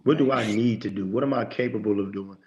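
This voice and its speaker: Homme au ton emphatique de prédicateur, son un peu étouffé. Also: male voice, on the low side, fast talker, dull audio. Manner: emphatic, preachy, lots of quoted self-talk. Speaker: podcast guest, motivational speaker. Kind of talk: conversational interview talk.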